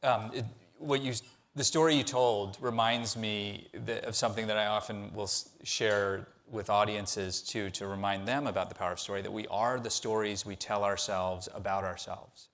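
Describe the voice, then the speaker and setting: A man with a low voice moderating a panel. He makes warm, reflective remarks to a guest in a conversational tone. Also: steady tone, normal speed.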